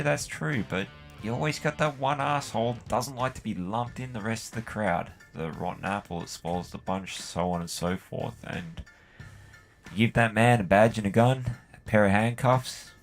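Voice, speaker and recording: An Australian man with a fairly low voice chats while he games. He rambles and swears freely and fills his talk with "like" and "you know". His tone stays loose and offhand. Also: normal speed, gravelly, soft background music. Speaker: gaming channel host. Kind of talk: casual storytelling while playing a game.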